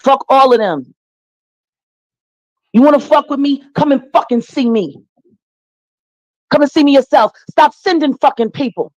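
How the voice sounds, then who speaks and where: A woman's voice: high voice, moderate pace, long pauses, a little mellow, no echo, muffled recording. A middle-aged woman telling a heated story in an interview, swearing freely and combative. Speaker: interview guest. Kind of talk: profane phone interview.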